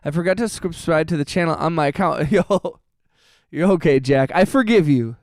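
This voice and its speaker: A man's voice: fairly high pitch, moderate pace, no echo. Laid-back male streamer, dry close mic. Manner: laid-back, greets chat viewers by name, laughs often. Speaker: music livestream host. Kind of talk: casual livestream chat with viewers. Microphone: phone mic.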